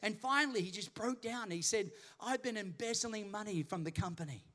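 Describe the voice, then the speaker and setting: A middle-aged Australian man preaching a sermon, telling a story with acted dialogue, calling for responses and building to emphatic shouts. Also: high voice, fairly quick. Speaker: pastor.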